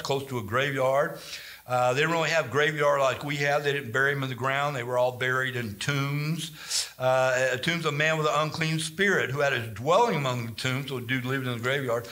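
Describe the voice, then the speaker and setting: Animated, bright-voiced male Bible teacher. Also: on the high side, normal speed, reverberant. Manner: animated, rambling storytelling with dramatized scripture.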